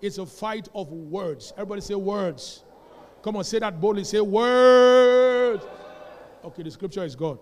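Pastor preaching, pretty high voice, lots of long church echo, gets folks to repeat after him. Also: male voice, a little fast, a little mellow. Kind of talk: sermon. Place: church sanctuary. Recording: long church hall reverb.

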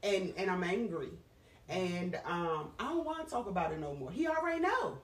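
A woman talking in a candid, casual chat, animated and frank, with plenty of profanity. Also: lowish voice, normal speed. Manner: animated, frank and profane, swings between laughter and strain. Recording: roomy sound from a distant mic.

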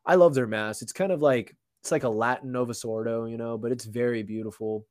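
A man's voice: medium pitch, fairly even intonation, fairly quick, darkish tone, dry recording. Brief: young male guest, casual slangy storyteller, mid-range voice, dry close sound. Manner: slangy, lots of "like" and restarts. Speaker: podcast guest.

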